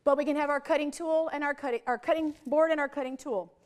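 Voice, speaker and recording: A woman with a very high voice presents a teacher training session. She explains methods and leads the room through quick call-and-response drills. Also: steady tone. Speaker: literacy trainer.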